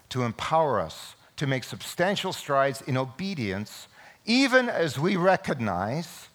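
A man preaching a Sunday sermon in a church, emphatic, with sudden loud peaks. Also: mid-range voice. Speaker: pastor.

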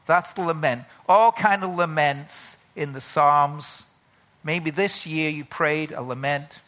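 A male pastor preaching a sermon slowly, repeating phrases and rising into loud, dramatic cries when voicing prayers. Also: a little high.

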